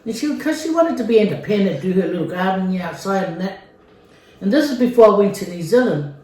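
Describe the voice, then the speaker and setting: A woman's voice: mid-range voice, animated, brisk, a little mellow, distant mic. A middle-aged woman from Samoa telling a story in a casual, chatty way, with lots of fillers and repeats. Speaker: vlogger. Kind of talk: casual storytelling during a mukbang. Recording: very echoey room.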